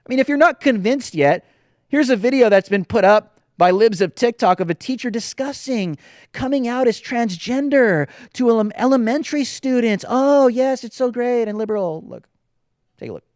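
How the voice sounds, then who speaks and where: A man's voice: very high-pitched, expressive, normal speed, darkish tone, no echo, studio quality. A man hosting a political commentary show, talking in an indignant, sarcastic, emphatic way. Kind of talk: opinionated commentary.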